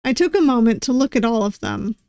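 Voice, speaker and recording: A woman's voice: on the high side, lively intonation, brisk, a little mellow, dry recording, clean studio sound. A woman streamer reading a visual novel aloud, giggling and poking fun at her own attempts at voices. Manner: giggly, self-deprecating. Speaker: VTuber game streamer.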